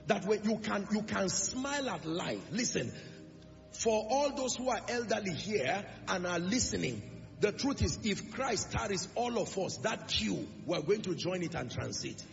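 A man's voice: high voice, sing-song, moderate pace, creaky. A male preacher giving an emphatic sermon in a church, pressing the congregation with rhetorical questions. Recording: reverberant lo-fi hall recording with music.

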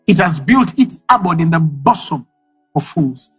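A man's voice: a little high, very animated, unhurried, breathy edge, soft background music, poor audio. A man preaching a sermon, emphatic and repeating key phrases for effect.

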